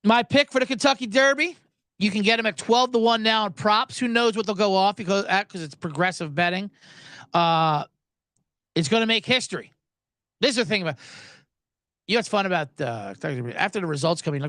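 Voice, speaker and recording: Sports betting guy going on a rambly sweary riff, bright voice, pitch all over the place. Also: expressive, fairly quick, long pauses, dry recording. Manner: rambling, profane and self-interrupting. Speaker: sports betting podcast host. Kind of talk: comedic solo sports-gambling monologue.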